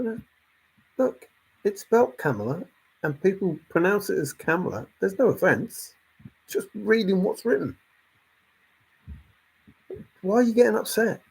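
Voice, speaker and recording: A man's voice: high voice, husky. A man who hosts a channel, ranting in a casual, exasperated way and repeating his points. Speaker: channel host. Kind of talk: casual opinion rant.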